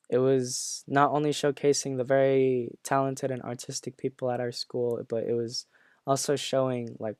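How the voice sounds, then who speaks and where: Earnest young man, flat halting voice. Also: mid-range voice, no room sound. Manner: halting, full of fillers and restarts, earnest. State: choked up. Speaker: former classmate sharing memories. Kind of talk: personal reflective talk.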